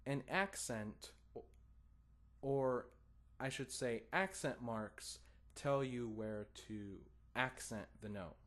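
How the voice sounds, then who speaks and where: Guy giving a guitar lesson, patient, counts in and sings the strums out loud. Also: mid-range voice. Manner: encouraging, patient, sings rhythms as "da da". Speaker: guitar teacher.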